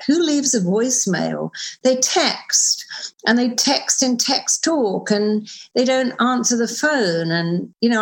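A middle-aged woman who is a therapist and author, speaking as an interview guest in an animated, emphatic way with quick asides. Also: a little high. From United Kingdom. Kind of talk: conversational interview.

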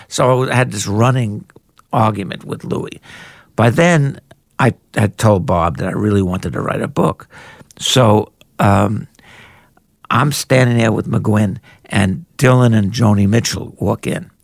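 An older man, an author and journalist, telling anecdotes in an animated way in a conversation and jumping into higher voices when he quotes people. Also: a little slow, gravelly, no echo, clean studio sound. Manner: animated raconteur, jumps into high-pitched voices for quoted people. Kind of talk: anecdotal storytelling in a podcast conversation.

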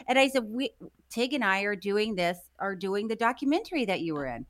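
A woman with a medium-pitched voice talks a little fast while co-hosting a podcast. Laughter comes often as she tells lively stories in relaxed chat.

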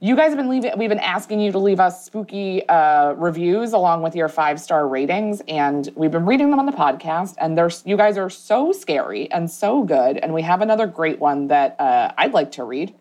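A woman's voice: fairly low pitch, lively intonation, normal speed, hardly any pauses, a little mellow. A woman co-hosting a comedy podcast in casual chat, giggly and rambling with lots of fillers, on a lesser microphone than usual. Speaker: podcast co-host. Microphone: not her usual good microphone.

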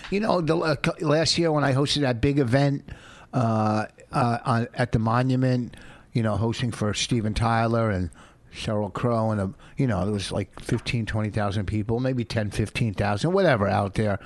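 A man's voice: mid-range voice, normal speed, dry recording. A man co-hosting a podcast, talking in casual banter and rambling defensively with lots of fillers. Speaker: comedian and podcast co-host.

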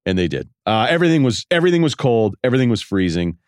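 A man's voice: mid-range voice, big pitch swings, rapid-fire, no echo, clean studio sound. A man hosting a podcast, telling rambling, self-deprecating stories in a casual way. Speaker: podcast host. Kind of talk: casual storytelling monologue.

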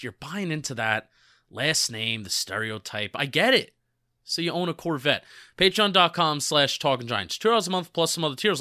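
A young man co-hosting a casual sports podcast, animated as he chats and plugs the show's supporter page. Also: fairly high pitch, dry recording, clean studio sound. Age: young adult. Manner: animated, bright, reads sponsor plugs. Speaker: podcast co-host.

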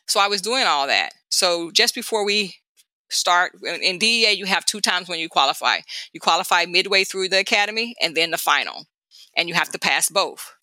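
Bright-voiced woman telling her story. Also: lowish voice, normal speed, no echo. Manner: animated, acts out quoted people while telling a story. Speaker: guest, former DEA agent. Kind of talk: conversational storytelling.

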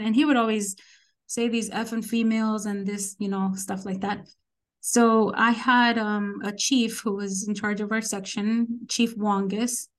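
A woman in her forties, a podcast guest, telling stories casually and acting out the people she quotes. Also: medium pitch. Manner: animated, quotes people in acted voices. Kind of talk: casual storytelling interview.

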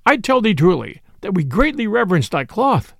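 Man doing a jolly outlaw boss, teasing and mock-serious, lively gravelly voice, dry sound. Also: high-pitched, normal speed, no echo, full character voice. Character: jolly, mock-solemn male outlaw leader.

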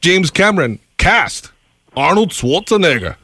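A man's voice: a little high, expressive, unhurried, pushed and bright, husky, dry recording, clean studio sound. A man on a radio show telling a made-up story in a mock-serious way. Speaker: radio co-host. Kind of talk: tongue-in-cheek storytelling.

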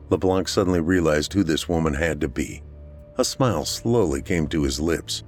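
A man reading a scripted story as narrator, with a slow, steady delivery. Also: a bass voice, soft background music.

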